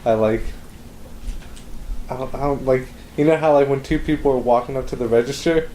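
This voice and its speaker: A man co-hosting a podcast, telling a story haltingly with constant filler words. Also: medium pitch, warm tone, roomy sound, a little hiss or hum, poor audio. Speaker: podcast co-host. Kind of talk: casual storytelling.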